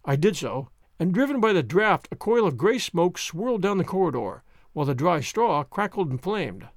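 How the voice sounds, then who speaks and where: A man narrating a classic detective story in a measured, expressive audiobook reading. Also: sits high, no room sound, studio quality.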